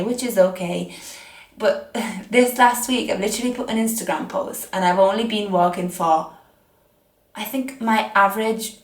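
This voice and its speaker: A young woman with an Italian accent giving casual fitness advice from home, chatty and self-mocking with rambling asides. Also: mid-range voice. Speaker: fitness vlogger. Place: home, seated on a chair. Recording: echoey room.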